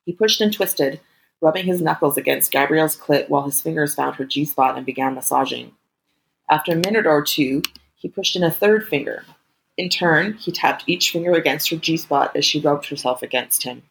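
Woman reading a steamy story, calm and steady, bit of vocal fry. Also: low-pitched, normal speed, rough recording. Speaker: story narrator. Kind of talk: scripted erotic story narration.

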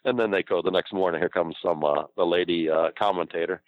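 Low-voiced ex-wrestler man, laughing, swearing. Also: steady tone, fast, dry recording, phone-quality sound. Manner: laughs often, swears freely. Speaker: former pro wrestler, guest. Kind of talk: casual storytelling.

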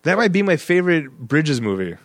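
A man's voice: a little high, very animated, fairly quick, no room sound, studio quality. A man hosting a casual movie podcast, joking and chuckling through his points. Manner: chuckling, jokey asides.

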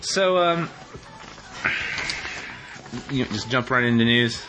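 A man's voice: mid-range voice, lively intonation, takes it slowly, low-quality recording. Joking rambling male podcast host. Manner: joking, rambling, self-correcting. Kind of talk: casual chat.

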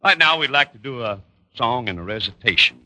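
Folksy 1950s country radio host. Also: male voice, medium pitch, fairly quick, no echo, low-quality recording. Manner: folksy, homespun, relaxed. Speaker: radio show host and singer. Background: music.

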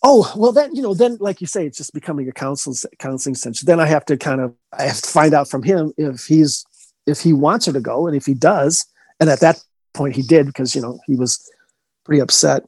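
Man, ghost-hunter guest; mellow husky voice, rambling, restarts a lot, dry close mic. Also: fairly high pitch, no room sound. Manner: rambling, halting, with frequent restarts. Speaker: paranormal investigator. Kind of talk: casual storytelling interview.

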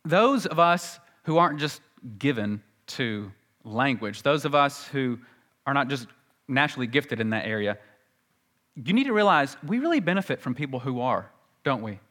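A man preaching a sermon as pastor, teaching earnestly and slowing down to recite scripture. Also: mid-range voice, lively intonation, fairly bright tone.

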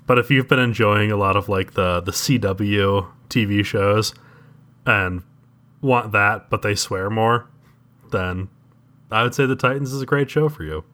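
A man's voice: lowish voice, measured pace, fairly bright tone. A man co-hosting a podcast, chatting casually in a laid-back, hesitant way. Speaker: podcast co-host. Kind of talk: casual chat.

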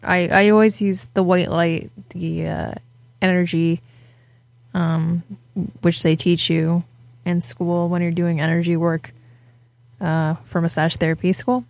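A woman's voice: lowish voice, little pitch movement, measured pace, creaky, a little mellow, no room sound. A woman co-hosting a podcast in casual chat, telling stories in a chatty, giggly way. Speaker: podcast co-host.

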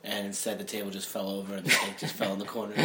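A man's voice: lowish voice, monotone, rapid-fire, pushed and bright, distant mic. A man co-hosting a casual podcast, asking follow-up questions loosely with fillers. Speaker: podcast co-host. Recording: echoey room, away from mic, faint background noise.

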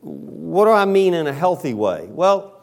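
Slow, deliberate preaching man. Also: sing-song, creaky. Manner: quiet, lowered voice in prayer. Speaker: pastor. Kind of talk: sermon.

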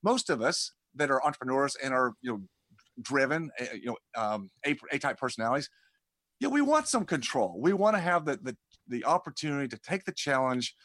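A dentist and community founder appears as a guest in a conversational podcast interview, rambling and often repeating words as he starts sentences. His mid-range voice is very animated, fairly quick and a bit bright, in a dry recording.

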